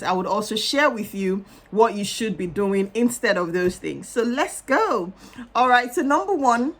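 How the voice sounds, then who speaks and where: A woman's voice: medium pitch, fairly bright tone. A middle-aged woman marriage counselor talking earnestly and conversationally to camera, with frequent fillers, giving advice to husbands. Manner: earnest, conversational, many "you know" fillers.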